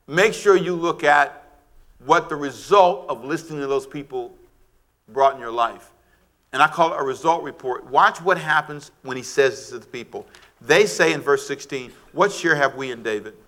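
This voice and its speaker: A middle-aged man preaching a sermon, animated and shouting at times, calling for amens from the congregation. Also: a little high. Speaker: pastor.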